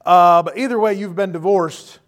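A man's voice: high-pitched, normal speed. A man preaching a sermon in a folksy, joking way, acting out quoted voices. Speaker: pastor.

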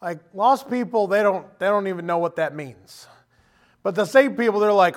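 A man delivers a sermon in a high-pitched voice. He talks to the congregation conversationally and animatedly, slipping into quoted voices as he goes. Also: moderate pace. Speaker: preacher.

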